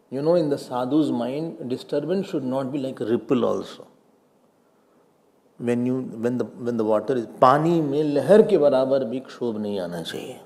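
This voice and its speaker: A man's voice: medium pitch, warm tone. An Indian man giving a spiritual sermon, pressing his listeners with rhetorical questions, slipping into Hindi and often laughing. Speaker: spiritual teacher.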